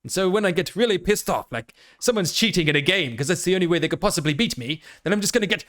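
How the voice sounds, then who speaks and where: A man's voice: high-pitched, animated, fast talker, a bit bright. An Australian man chatting casually on a live stream, rambling and self-amused with plenty of fillers. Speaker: VTuber streamer.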